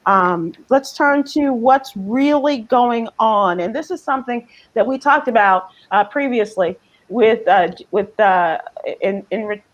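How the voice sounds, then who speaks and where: A woman hosting a casual news discussion, thoughtful and halting, with lots of fillers. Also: on the high side. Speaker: host.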